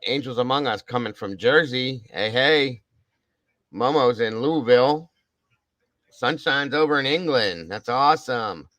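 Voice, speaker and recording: A man from Ohio hosts a casual livestream, reading out where his viewers are from in an upbeat, chatty manner with some casual swearing. His mid-range voice is recorded with no echo, but the audio quality is poor.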